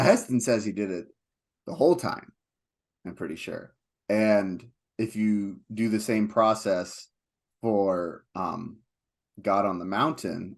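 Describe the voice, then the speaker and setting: A man co-hosting a film podcast, speaking in an unhurried, hesitant way with frequent ums in a casual chat. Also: lowish voice, darkish tone. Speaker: podcast co-host.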